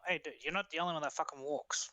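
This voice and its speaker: A man's voice: on the high side, fairly even intonation, fast talker, bright, forceful tone, a little hiss or hum. A young man chatting casually with a friend on a podcast, throwing in blunt, sweary comebacks. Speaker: co-host friend. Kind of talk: casual chat.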